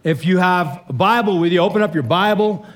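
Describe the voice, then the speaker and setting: A man preaching a sermon as pastor, casual and energetic, calling people "man" and shouting out his key points. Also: high-pitched, brisk. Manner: casual, peppers speech with "man".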